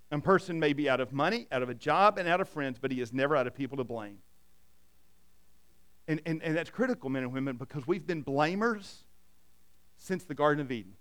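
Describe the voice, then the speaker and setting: High, clear-voiced preaching man. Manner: dynamic preaching, swings from loud emphasis to hushed. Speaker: pastor. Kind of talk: sermon.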